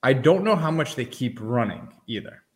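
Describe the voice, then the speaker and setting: An animated man co-hosts a sports and card-collecting chat and explains things eagerly. His voice sits in an ordinary middle range. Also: mid-range voice, normal speed. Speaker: co-host.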